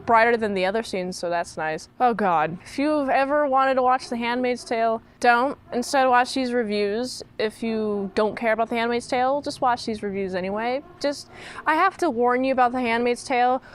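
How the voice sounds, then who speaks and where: A woman's voice: fairly high pitch, moderate pace, clear, resonant tone. A woman recapping and reviewing a TV show in a casual, sarcastic way, mocking the characters in put-on voices.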